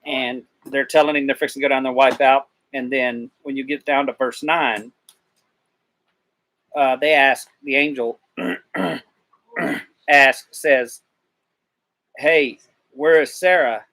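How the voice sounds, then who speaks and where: Man, medium pitch, rambling, slangy scripture paraphrase, casual roundtable talk. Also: flat delivery, slow pace, pushed and bright. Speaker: discussion participant. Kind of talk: casual Bible discussion.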